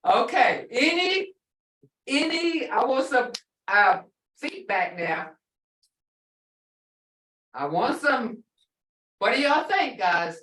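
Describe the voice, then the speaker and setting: Lively woman teaching in an echoey room. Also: sits high, recorded from a distance. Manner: lively, drawn-out teaching with slow spelled-out phrases. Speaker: language teacher. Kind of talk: classroom language lesson. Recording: echoey room, voice a bit off-mic.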